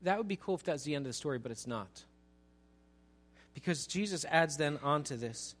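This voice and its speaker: A pastor preaching a sermon in a conversational way, with asides to the congregation, and building to an emphatic, raised delivery. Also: male voice, on the high side, animated, normal speed, fairly bright tone, soft background music.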